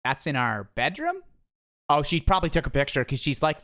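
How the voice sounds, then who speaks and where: A streamer with a smooth, resonant voice, talking in a casual live-stream manner. The delivery rambles, full of restarts and animated little asides. The talk comes from a home office setup. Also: medium pitch, a little fast.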